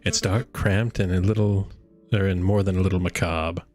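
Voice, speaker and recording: A man's voice: low voice, steady tone, normal speed, darkish tone. A man voicing a cold, determined female revolutionary over game music. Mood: grim.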